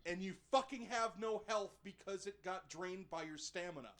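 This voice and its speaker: Swearing constantly, a young male podcast co-host rants about a game with sarcastic exasperation in a casual review. His voice sits high and a bit bright, at a moderate pace.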